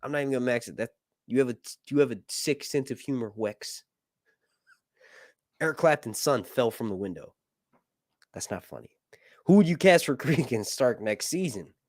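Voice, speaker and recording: Male live-stream reviewer with a bouncy, animated delivery, loose and jokey, recorded dry and close. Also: mid-range voice, fast talker, no echo. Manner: rambling, crude jokes, frequent laughter. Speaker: livestream show reviewer. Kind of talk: casual live-stream chat.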